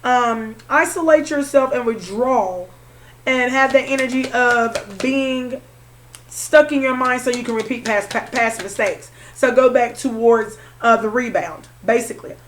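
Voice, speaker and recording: Tarot reader woman, higher voice. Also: measured pace, slight background noise. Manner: calls viewer honey, repeats phrases. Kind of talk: tarot reading to viewers.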